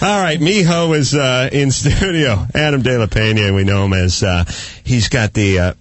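A man's voice: mid-range voice, normal speed, dry recording. A man hosting a comedy radio show, telling stories theatrically and acting out scenes.

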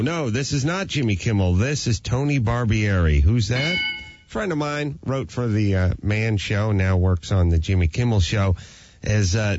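A man hosting a talk show, chatting dryly with filler pauses. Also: on the low side, darkish tone, no echo, muffled recording. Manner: dry, self-mocking, with filler pauses. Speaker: radio host. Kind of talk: casual chat.

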